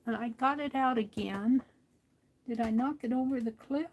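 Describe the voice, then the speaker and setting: A woman hosting a craft stream, talking casually to herself as she works, often trailing into soft near-whispers. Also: fairly high pitch, moderate pace, muffled recording, slight background noise. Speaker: craft livestream host. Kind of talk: casual craft talk while working.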